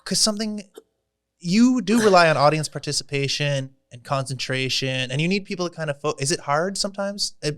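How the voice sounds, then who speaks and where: A man's voice: on the high side, expressive, fairly bright tone, smooth, no echo, clean studio sound. A man hosting a podcast, chatting casually and agreeing eagerly with his guest. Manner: eager, agreeable, quick backchannels. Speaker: podcast host. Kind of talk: casual chat.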